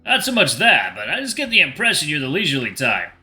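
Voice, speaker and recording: A man's voice: on the high side, huge pitch swings, quick pace, sharp tone, faint music behind, exaggerated voice. A man voicing a laid-back, teasing young man from a visual novel. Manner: teasing, leisurely.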